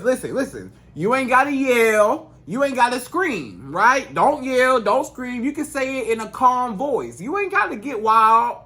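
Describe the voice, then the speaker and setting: A man's voice: high voice, fairly bright tone. A man speaking as a dating coach, giving emphatic, repetitive advice straight to camera in casual slangy speech. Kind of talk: direct-to-camera advice monologue.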